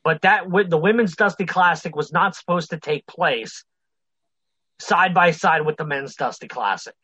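A man's voice: a little high, normal speed, sharp tone, breathy edge, no echo, lo-fi sound. A man co-hosting a casual podcast about wrestling news, blunt and opinionated, swearing freely.

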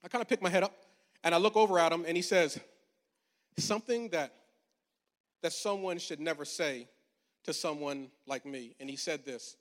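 A man in his forties preaches to his congregation with a high, bright voice that carries. His manner is conversational and humorous, and it swells into emphatic proclamations. The sound rings with a long reverb from a large church auditorium. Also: moderate pace, long pauses. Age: 40s. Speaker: pastor. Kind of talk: storytelling sermon.

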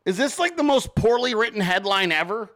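Male host: bright, tense-edged voice, casual joking rambler who swears freely. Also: high voice, sing-song, brisk. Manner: reads sponsor ads informally. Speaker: show host. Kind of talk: casual live-stream commentary.

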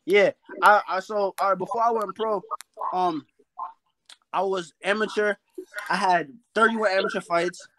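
A young man from New York, a boxer on an interview, chats casually about his fights, rambling with fillers like "you feel me." His voice is high and a little slow, and there's background noise. He sounds relaxed.

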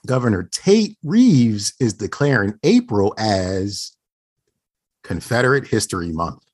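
A man's voice: on the low side, sing-song, unhurried, a little mellow, breathy edge. A man co-hosting a podcast, chatting casually with dry, wry remarks. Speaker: podcast co-host.

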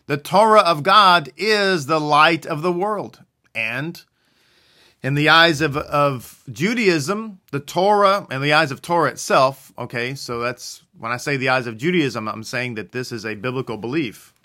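A man's voice: fairly high pitch, lively intonation, a little slow, pushed and bright. A man giving a religious teaching in a conversational way, often asking questions and then answering them himself. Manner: conversational, asks and answers his own questions.

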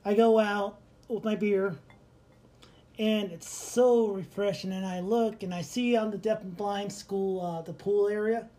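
A man's voice: high-pitched, a little slow. A man co-hosting a podcast in casual chat, telling stories with lots of animation and laughter. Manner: animated storyteller, laughs often. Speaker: podcast co-host.

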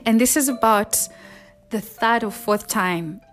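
A woman telling viewers a personal story, swinging between loud outbursts and hushed asides, with frequent ums. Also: a little high, unhurried, soft background music. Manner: emotional, rising to loud and falling to hushed asides.

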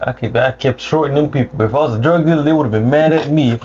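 A man's voice: medium pitch, fast, crowd noise. A young man co-hosting a podcast in casual chat, trading laid-back jokes and slang. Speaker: podcast co-host. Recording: muffled lo-fi sound with faint background noise.

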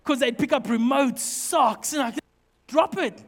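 A middle-aged man preaching a sermon, telling funny personal stories in an animated, joking way. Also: extremely high pitch, moderate pace. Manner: humorous, animated storytelling. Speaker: pastor. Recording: long reverb of a hall.

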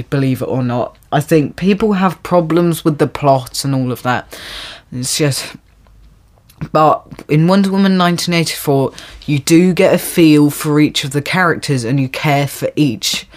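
A young adult hosting a solo podcast, ranting in exasperation with many restarts and sudden high-pitched jumps when mocking. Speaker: podcast host. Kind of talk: solo film-review rant.

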